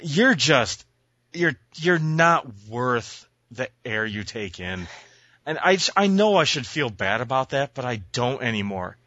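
Brief: man, podcast co-host, animated ranting storyteller, bright voice, dry lo-fi sound. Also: mid-range voice, measured pace, no room sound. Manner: profane, exasperated, acts out voices in his stories. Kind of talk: casual chat, ranting storytelling.

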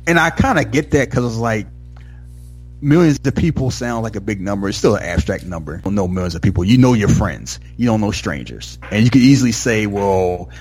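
This is a man with a deep voice that has a husky edge. He rambles enthusiastically through a film discussion, piling on fillers and slipping into the characters' lines. The talk stays loose and conversational. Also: lively intonation, a little fast, a little mellow. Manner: rambling, heavy use of "like" and "you know"; enthusiastic, acts out movie lines. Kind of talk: casual movie discussion.

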